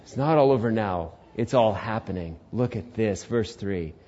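Young male pastor in his twenties, warm dark tone, preaching with big swings in volume, slightly muffled recording. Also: lowish voice, moderate pace. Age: 20s. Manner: animated storytelling, swings from loud to hushed. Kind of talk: sermon.

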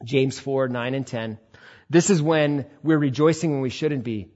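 Male pastor, husky, chatty preaching style with animated quoted asides, dull lo-fi church recording. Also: measured pace. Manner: conversational preaching, acts out quotes with sudden high bursts. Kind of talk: sermon.

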